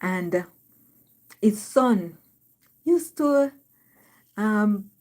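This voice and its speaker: A woman's voice: medium pitch, expressive, extremely slow, a little mellow. A woman from Jamaica with a Jamaican accent, hosting a casual live stream, reading viewer comments aloud and laughing often.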